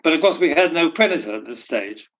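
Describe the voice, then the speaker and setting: A man's voice: fairly high pitch, lively intonation, fast talker, low-quality recording. An older man, wryly telling anecdotes in an interview. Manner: dry, wry humor. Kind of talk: storytelling anecdotes.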